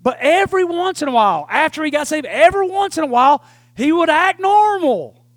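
Speaking a little fast, a male preacher gives a folksy, animated sermon peppered with "right?" asides. His voice is very high for a man, and the recording is dry and close with no room echo.

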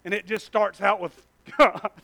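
A pastor preaching a sermon, swinging from soft, mumbled asides to loud, stretched-out cries. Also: male voice, high voice, normal speed, dry recording.

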